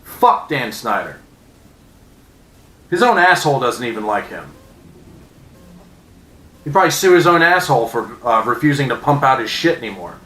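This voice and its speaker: A man in his thirties ranting angrily as a sports fan, profane and sarcastic, with loud outbursts. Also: mid-range voice, very animated, normal speed, long pauses, reverberant, rough recording. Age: 30s. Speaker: vlogger. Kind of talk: angry sports fan rant.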